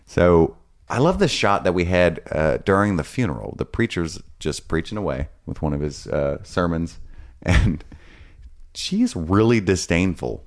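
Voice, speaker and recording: A man co-hosting a podcast, recapping and musing in a relaxed, rambling way with casual swearing. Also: low-pitched, unhurried. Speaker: podcast co-host recapping episodes. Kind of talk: casual chat.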